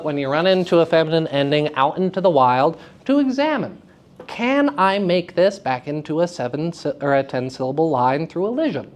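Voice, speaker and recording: Animated man teaching a room of students. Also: on the high side, a little hiss or hum. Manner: animated, playful, leads call-and-response drills. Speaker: acting teacher. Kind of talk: lecture to a student audience. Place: school theater festival workshop room.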